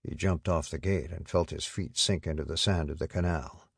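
Deep husky male audiobook narrator. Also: no echo, clean studio sound. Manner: steady, measured storytelling. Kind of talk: audiobook narration of war fiction.

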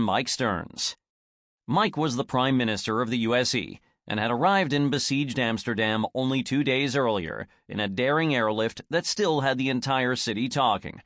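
A man with a medium-pitched voice narrates an audiobook, telling the scripted story expressively. The recording is dry, with clean studio sound.

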